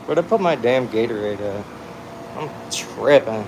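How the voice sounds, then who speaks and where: A young man hosts a casual phone livestream from home with a cat nearby, rambling in a laid-back, slang-heavy way. His mid-range voice is animated but unhurried, and there's background noise.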